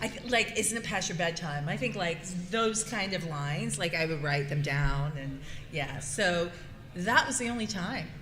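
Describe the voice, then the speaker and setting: A woman voice actress telling a lively story at a convention panel, laughing often. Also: fairly low pitch, measured pace, reverberant.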